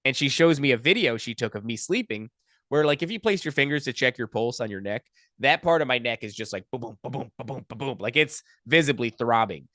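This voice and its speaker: A young adult man, a podcast guest, telling a personal story in a profane, animated, casual way. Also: medium pitch, a little fast, no echo, studio quality.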